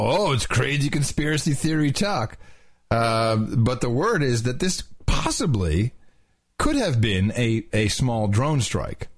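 A man hosting a podcast in casual chat, wry and hesitant, with many fillers. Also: medium pitch. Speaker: podcast host.

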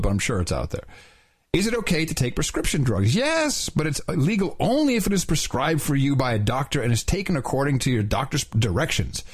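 Husky man reading aloud with mock solemnity. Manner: mock-solemn reading with lively pitch swings, breaking into laughs. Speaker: podcast host. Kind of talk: casual chat, reading aloud from a children's book.

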